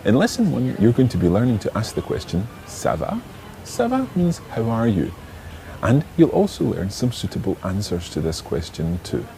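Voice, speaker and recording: Lively, patient man teaching a language lesson. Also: on the low side, normal speed, a little hiss or hum. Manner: patient, clear, encouraging.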